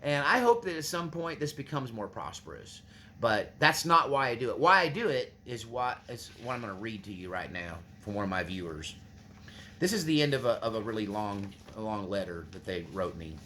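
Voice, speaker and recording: A man's voice: fairly low pitch, sing-song, normal speed, bright, forceful tone. Guy talking to his viewers, earnest, kinda rambly, faint hiss behind him. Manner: earnest, rambling, restarts often. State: choked up, near tears. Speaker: channel host. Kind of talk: casual monologue to viewers.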